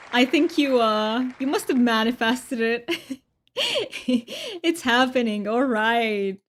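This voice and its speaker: A woman's voice: fairly high pitch, unhurried, hardly any pauses. A woman from Romania streaming a game, chatting with her viewers in a bubbly, giggly way. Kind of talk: casual live-stream chat.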